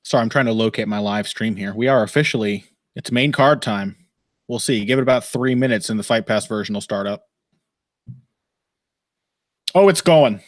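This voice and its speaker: A man's voice: on the low side, a little fast, no room sound. Wry, rambling male podcast host. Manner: rambling, wry, swears freely, laughs often. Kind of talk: casual live fight commentary. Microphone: headphones and desk mic.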